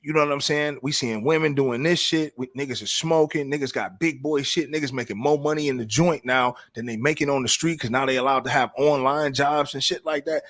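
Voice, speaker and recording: A man hosts a casual talk show in a voice of ordinary, middle pitch. He riffs loosely, piles on slang and keeps restarting his sentences mid-thought. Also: a little fast, few pauses, fairly bright tone, dry recording, clean studio sound. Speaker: podcast host.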